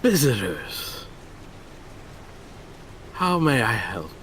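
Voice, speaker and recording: A man playing a sorrowful elderly village priest who drifts off and repeats himself, with a slow, drawn-out delivery. The voice is bright, and his pitch rises and falls widely. A faint room hum sits behind it. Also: sing-song, heavily acted. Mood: mournful. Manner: distracted, mournful, repeats himself. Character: grief-stricken old male village priest.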